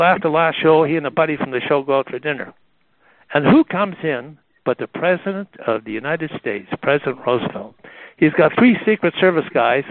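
A lively man spins anecdotes and briefly takes on the voices of the people in them. His voice sits a bit high for a man. It comes through a tinny, dry phone-like line. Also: dry recording. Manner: animated, acts out the voices in his stories. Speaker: guest telling stories about a friend. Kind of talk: anecdotal storytelling on a radio call.

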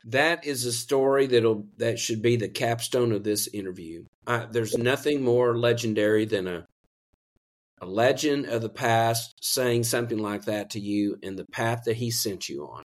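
A man's voice: mid-range voice, normal speed. A man hosting an interview, offering earnest, formal praise to his guest. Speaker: interview host.

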